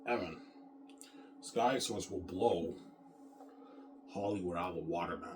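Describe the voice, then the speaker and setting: A man's voice: deep voice, measured pace, background noise. A man in an off-the-cuff monologue, boastful and repetitive, often adding "man".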